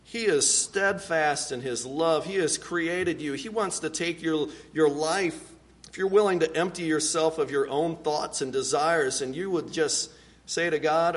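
A man preaching a sermon, earnest and deliberate, dropping to a hushed low voice on key words. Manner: unhurried, deliberate delivery with pauses. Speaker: pastor.

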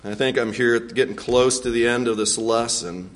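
A man teaching a Bible lesson in an animated way, acting out scripture and laughing often. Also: mid-range voice, moderate pace.

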